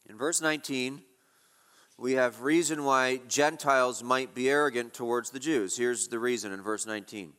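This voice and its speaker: A man's voice: mid-range voice, moderate pace, fairly bright tone, long reverb tail. A man preaching an expository sermon, emphatic and rhetorical, asking questions and repeating key phrases.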